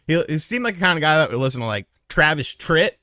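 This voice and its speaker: Animated, profane male storyteller in his thirties. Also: a little high, fast talker, no room sound, clean studio sound. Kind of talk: casual storytelling.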